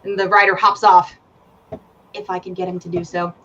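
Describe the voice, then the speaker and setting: A woman's voice: fairly low pitch, little pitch movement, moderate pace, fairly bright tone. A woman narrating a tabletop game as game master, giggling as she tells it, on a dull lo-fi recording with faint hiss. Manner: giggly, casual storytelling.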